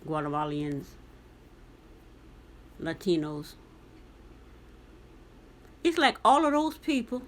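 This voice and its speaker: A woman from the United States vlogs while reading a news article aloud and commenting on it, talking back to the text with pointed questions. She has a mid-range voice.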